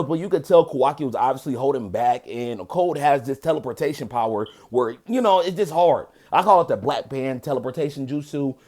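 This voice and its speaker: A man giving a relaxed, conversational review of an anime episode, full of filler phrases and quick self-corrections. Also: on the high side. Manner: corrects himself mid-sentence. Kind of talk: casual spoken episode review.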